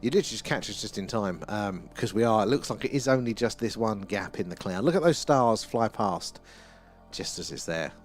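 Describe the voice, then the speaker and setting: A man's voice: fairly low pitch, lively intonation, normal speed, faint music behind. A British man hosting a live sky-watching stream, chatting casually, answering viewer comments and laughing often. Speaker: livestream host.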